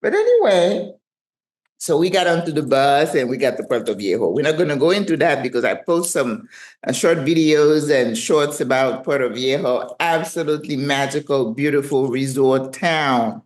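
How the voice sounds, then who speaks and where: A woman's voice: sits low, lively intonation, normal speed, darkish tone. A woman in her sixties with a French accent, telling a travel story to camera from her living room in a chatty, self-teasing way. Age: 60s. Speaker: retirement travel vlogger.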